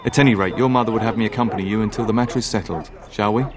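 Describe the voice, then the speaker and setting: A man's voice: on the low side, steady tone, racing, a crowd in the background, lightly acted. A man voicing an earnest young castle knight in a fan dub, formal and courteous. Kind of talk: fan voice acting over a game.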